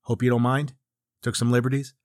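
A man's voice: mid-range voice, little pitch movement, fairly quick, a little mellow, no room sound, studio quality. Rambling, profane man in his forties. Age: 40s. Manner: rambling, profane, self-mocking, with lots of restarts and riffs. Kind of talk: comedic casual chat.

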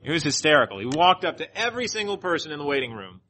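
A male pastor preaching, telling a story in an animated way and leading a closing prayer. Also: fairly high pitch, fast. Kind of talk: sermon with personal storytelling.

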